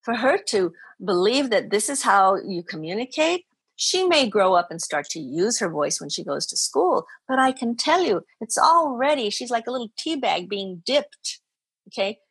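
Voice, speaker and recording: A woman's voice: a little high, very animated, moderate pace, fairly bright tone, slightly rough, no echo. A woman spiritual teacher speaking as a podcast guest, earnest and emphatic, often repeating her phrases for stress. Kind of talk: podcast interview.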